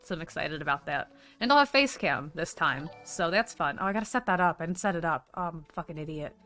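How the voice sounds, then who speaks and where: Animated and quick, her fairly low voice sounds pushed and bright, with faint music underneath. The livestreamer chats casually, curses often, and lavishes thanks on viewers who donate.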